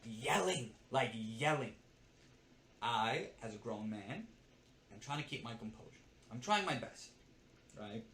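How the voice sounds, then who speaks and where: Animated young man ranting in a roomy space. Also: medium pitch, measured pace, pauses often, slight background noise. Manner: animated, swearing, keeps tagging "right?". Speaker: vlogger. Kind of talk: casual storytelling to camera. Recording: roomy with faint ambience.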